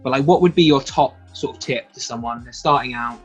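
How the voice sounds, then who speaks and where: A man's voice: medium pitch, a little fast, breathy edge, soft background music, poor audio. A man hosting an interview, asking questions in a friendly, hesitant way with many fillers. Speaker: interviewer host.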